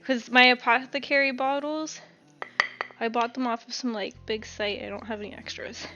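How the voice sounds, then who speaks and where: A woman's voice: on the high side, steady tone, moderate pace, lo-fi sound, noisy background. A young woman chatting casually on a live stream while cooking at home, giggling, swearing lightly and a little out of breath.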